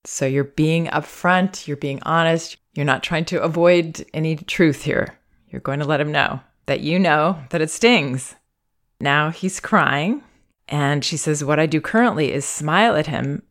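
Low-voiced woman, calm advice podcast. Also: measured pace. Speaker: parenting podcast host.

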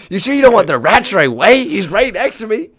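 A young man co-hosting a casual chat, telling sports stories with lots of laughter. His voice sits a little high, and he slips into quoted voices as he tells them. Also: big pitch swings, moderate pace, a bit bright. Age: young adult. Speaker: volleyball player and podcast co-host.

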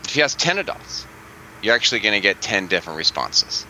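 A man's voice: lowish voice, big pitch swings, fairly quick, pushed and bright, a little hiss or hum, rough recording. A man in his forties, a parenting coach and guest, talking casually and acting out parents and teens in funny voices. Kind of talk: casual podcast chat.

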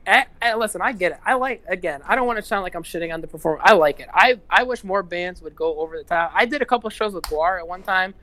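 A man's voice: sits high, fast talker, few pauses, bright, forceful tone. A man chatting as a guest musician on a casual podcast, rambling and swearing, with lots of "like". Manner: rambling, profane, heavy use of "like".

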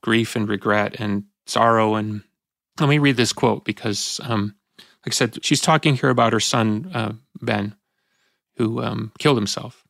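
A man in his fifties, a podcast host, talking in a reflective, halting way with frequent restarts and moments of emotion. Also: on the low side, creaky, a bit bright, dry recording, studio quality. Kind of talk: reflective conversational talk.

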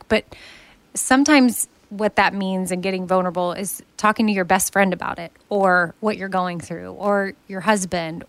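A woman's voice: medium pitch, a bit bright, dry recording. A woman in her thirties hosting a podcast, chatting casually and laughing often. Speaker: podcast host. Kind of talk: casual chat.

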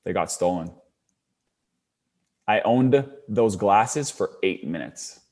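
A young man in casual conversation tells a long story and leans hard on filler words. His voice sits a little low but swings up sharply when he gets excited or upset. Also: takes it slowly. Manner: animated, filler-heavy, rising pitch when worked up. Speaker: storyteller guest.

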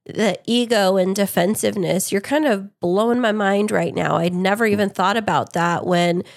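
Female podcast co-host with vocal fry, dry close sound, relaxed conversational questions. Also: mid-range voice, normal speed, no echo. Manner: conversational, reflective, gives personal examples. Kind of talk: casual interview chat.

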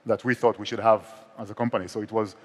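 A fast-talking Israeli-accented man, co-founder and CEO of a startup, speaks as a guest on a conference stage in a large hall. His voice is fairly low, a little mellow and flat in delivery, and the recording has long hall reverb. He's candid, self-deprecating and restarts often.

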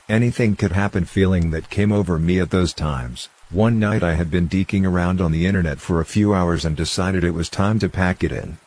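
A man with a very deep, low-pitched voice narrates scary stories. His reading is steady and measured, laying out each tale in a calm, even way.

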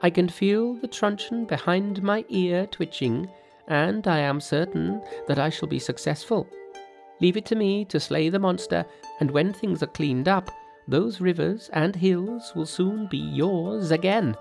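A cocky monkey sage, as a male reader puts him on, raised well above the reader's own voice and full of grit. He talks briskly and haughtily, sure he can outwit any king. Faint music plays under the storybook reading. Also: high voice, vocal fry, a little mellow, voice pushed up. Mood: confident. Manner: brisk, self-assured, haughty. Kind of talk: audiobook narration with character voices.

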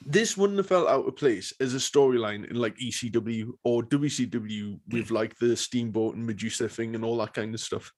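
A man's voice: mid-range voice, normal speed, few pauses. A man co-hosting a podcast, chatting enthusiastically with lots of fillers. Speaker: podcast co-host. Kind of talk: casual chat.

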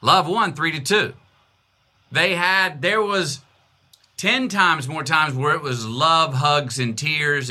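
A man in his fifties with a Texan accent, talking as an interview guest in an emphatic, repeating way. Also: sharp tone. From Texas. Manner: emphatic, repeats phrases, swings pitch widely. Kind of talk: conversational interview.

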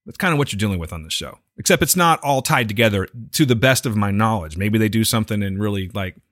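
Man, casual podcast co-host, enthusiastic rambling reviews, lively pitch, dry close sound. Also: fast talker, no room sound. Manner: enthusiastic, rambling, says "like" a lot. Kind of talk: casual chat.

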